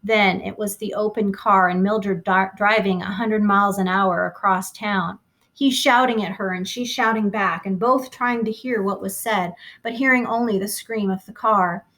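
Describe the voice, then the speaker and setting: A woman reads a novel aloud with expressive delivery. She slows down and lingers on key phrases. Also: medium pitch. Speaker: reader.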